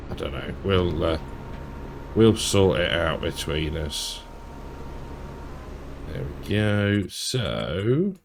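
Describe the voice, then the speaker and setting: Man, deep voice, casual let's-play commentary, thinks aloud. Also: a little hiss or hum. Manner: relaxed, thinks aloud, chuckles to himself. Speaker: game streamer.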